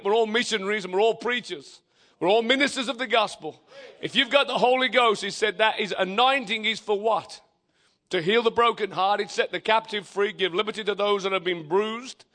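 An older man with an English accent, preaching a lively, joking sermon in a church. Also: high-pitched, a little fast. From England. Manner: exuberant, shouting praise, joking with the congregation. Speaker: visiting preacher.

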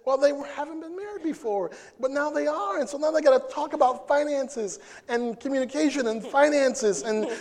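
A man with a strikingly high voice preaches a sermon in a playful, animated way. He acts out little scenes and teases the congregation. His tone moves between laughter and earnest persuasion. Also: moderate pace, few pauses. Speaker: pastor.

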